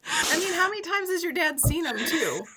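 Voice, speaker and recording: A woman's voice: extremely high pitch, very animated, a little fast, sharp tone. A woman co-hosting a podcast, chiming in with short reactions and questions in casual chat. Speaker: podcast co-host.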